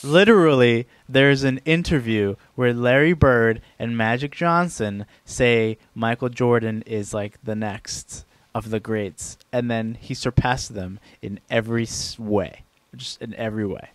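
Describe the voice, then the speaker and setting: A man hosting a casual podcast chat, quick and joking with his guests. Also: medium pitch, no room sound. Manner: quick, laughing, banters with guests. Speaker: podcast host.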